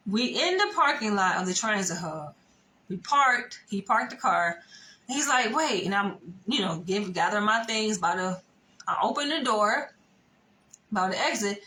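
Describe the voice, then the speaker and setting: Young woman, bright and crisp, spilling a dating story to camera; animated, swears freely, talks straight at the viewer. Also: fairly high pitch, a little hiss or hum, poor audio. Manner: animated, profane, conversational storytelling. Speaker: vlogger telling a dating story. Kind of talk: casual storytime monologue.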